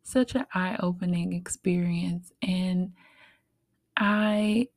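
A young woman speaks slowly and gently, letting her thoughts unfold with unhurried pauses. Her tone is heartfelt and reflective, broken by soft laughs. The sound is dry and close, with no room behind it. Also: fairly low pitch, steady tone, dry recording. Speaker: podcast host. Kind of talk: reflective solo podcast talk.

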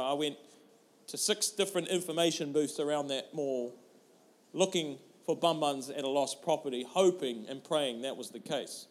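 Brief: man, thirties, pastor, lively comic storyteller. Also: a little high, normal speed. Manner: animated, humorous storytelling. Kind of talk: sermon.

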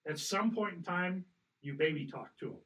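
Bright-voiced man coaching duck calls. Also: high-pitched, normal speed, recorded from a distance, dull audio. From Colorado. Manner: patient, corrective, demonstrates calls. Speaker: hunting guide. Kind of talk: casual coaching.

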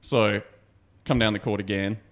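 A man's voice: on the low side, steady tone, moderate pace, fairly bright tone. A young man co-hosting a podcast, telling stories in casual chat, swearing freely and laughing. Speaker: podcast co-host.

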